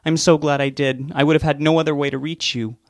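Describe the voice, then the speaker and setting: A pleading, grief-struck middle-aged mother, voiced by a man reading a story aloud. The voice sits well above his own and carries a gravelly texture. She is tearful but insistent. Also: fairly high pitch, level tone, fast, no echo, clean studio sound, pitched above the performer's own voice, lightly acted.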